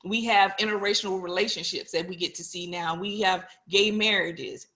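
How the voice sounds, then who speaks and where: A woman's voice: mid-range voice, fairly even intonation, moderate pace, sharp tone. A woman in her forties, a police officer, giving an earnest, personal talk to an online audience and putting questions to them directly.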